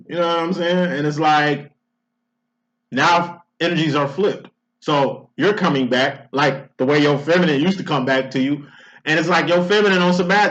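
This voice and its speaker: A man's voice: fairly high pitch, bright, forceful tone. A man giving a casual spiritual card reading, blunt and profane, mocking his listener and acting out quoted lines in a raised voice. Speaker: tarot card reader. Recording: dull lo-fi recording.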